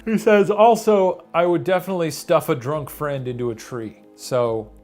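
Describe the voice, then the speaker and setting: Wry fairly high-voiced male co-host. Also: normal speed, a little mellow, soft background music. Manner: dry, wry humor. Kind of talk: casual banter reading viewer comments.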